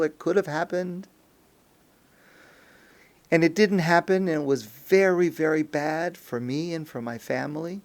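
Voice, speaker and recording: Earnest rabbi with a higher voice. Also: male voice. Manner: earnest, rises to an intense pleading tone when quoting prayer; reads Hebrew phrases slowly, then translates. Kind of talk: recorded Torah talk.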